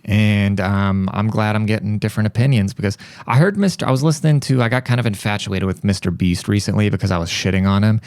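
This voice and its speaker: A young man hosting a podcast, telling a story in a rambling, profane, animated way. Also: fairly low pitch, quick pace, hardly any pauses, dry recording, studio quality. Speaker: podcast host. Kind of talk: casual monologue.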